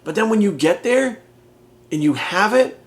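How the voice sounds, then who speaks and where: A man's voice: high-pitched, expressive, moderate pace. A man in his forties, a fitness coach, talking bluntly and emphatically in a candid motivational monologue full of swearing. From United States. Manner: blunt, heavily profane, emphatic.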